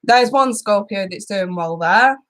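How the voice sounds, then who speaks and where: A woman's voice: mid-range voice, animated, measured pace. Giggly, chatty woman. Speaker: tarot channel host. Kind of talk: casual live-stream chat with viewers.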